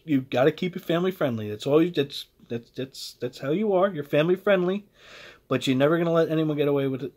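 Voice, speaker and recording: A man delivers a blunt, heated rant on his own show. His voice sits a bit high and swings widely in pitch as he repeats and restarts his phrases. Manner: blunt, animated, heated, self-interrupting. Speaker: host. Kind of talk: opinionated rant.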